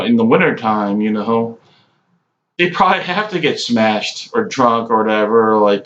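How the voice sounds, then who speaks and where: A man in his late forties giving a casual, rambling cigar review, halting often with ums. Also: lowish voice, a bit bright. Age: 40s. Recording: echoey room, dull lo-fi sound.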